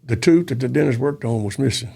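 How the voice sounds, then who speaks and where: A man's voice: medium pitch, quick pace, mellow. An older man, a former police officer telling a story in a casual interview, acting out the dialogue. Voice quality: gravelly. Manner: folksy, acts out dialogue in quoted voices.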